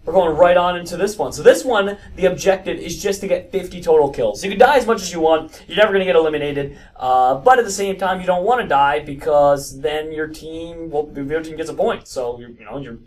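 Excitable young-sounding man narrating gameplay. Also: fairly high pitch, a little fast, few pauses, recorded from a distance. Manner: animated, stammering restarts, frequent exclamations. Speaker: gaming video host.

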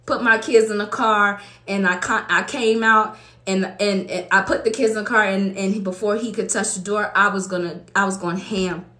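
A woman's voice: mid-range voice, fairly even intonation, normal speed, bright, forceful tone. A woman preacher from Los Angeles giving a fervent, conversational testimony sermon to her congregation in a church. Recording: echoey room.

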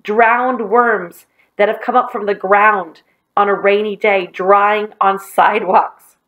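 A woman's voice: mid-range voice, steady tone, slow, narrow, tinny audio, lightly acted. A woman reading aloud, voicing a stubborn but weary, queasy boy who talks in tired, earnest sighs.

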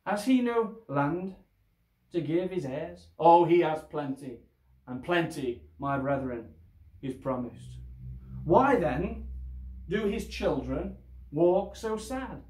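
Slow, deliberate preaching man, echoey. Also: a little high, animated, a little mellow. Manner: slow, deliberate exhortation with rhetorical questions. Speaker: pastor. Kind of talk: sermon.

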